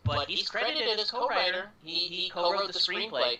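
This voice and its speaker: A man's voice: high-pitched, animated, normal speed, pushed and bright, distant mic. A man hosting a casual film retrospective, earnest and stumbling over his starts. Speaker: podcast host. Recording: roomy room echo.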